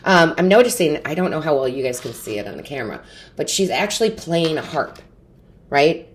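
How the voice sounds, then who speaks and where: A woman's voice: sits low, very animated, brisk. A woman giving an intuitive tarot reading to camera, earnest and encouraging, often asking rhetorical questions. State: tearful, emotionally overwhelmed. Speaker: tarot reader.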